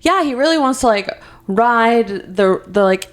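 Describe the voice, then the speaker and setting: A young woman co-hosting a podcast, telling stories in an excitable, giggly way. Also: fairly high pitch, measured pace, faint music behind. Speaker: podcast co-host. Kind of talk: casual chat.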